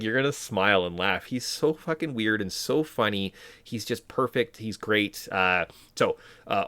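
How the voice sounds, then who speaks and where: Low-voiced podcast host, chatty and rambling. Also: male voice, a bit bright, no echo. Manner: enthusiastic, rambling with fillers. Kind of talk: casual podcast chat.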